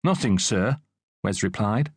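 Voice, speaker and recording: A man's voice: fairly low pitch, animated, unhurried, husky, no room sound, clean studio sound. A male narrator voicing a cheeky, sarcastic teenage schoolboy who cracks jokes. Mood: innocent. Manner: sarcastic, wisecracking.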